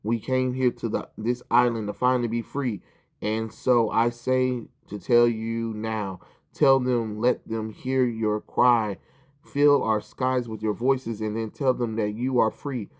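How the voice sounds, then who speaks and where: A man voicing a creepy male comic-book villain who preaches to his followers in a slow, drawn-out way. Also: mid-range voice, level tone, close to an everyday voice. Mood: preaching.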